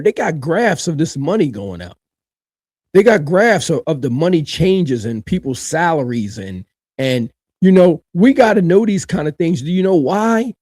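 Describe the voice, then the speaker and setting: A man giving animated reaction commentary on a video, colloquial, swinging from low mutters to loud high shouts. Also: moderate pace, no echo.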